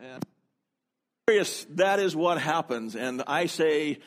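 Here a pastor's fairly high, expressive voice moves slowly through a sermon in the church sanctuary. He talks into a handheld microphone with an easygoing, chatty manner and jokes at his own expense.

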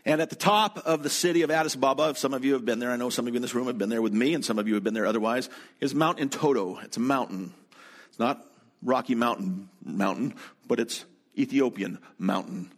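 A pastor with a medium-pitched voice preaches a sermon at a quick pace, recounting a travel story conversationally. He also turns to address the congregation in the room directly.

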